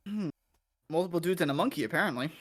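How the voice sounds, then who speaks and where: A man's voice: a little high, lively intonation, quick pace, fairly bright tone. A man co-hosting a casual comedy podcast, playful and eager to explain trivia. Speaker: podcast co-host.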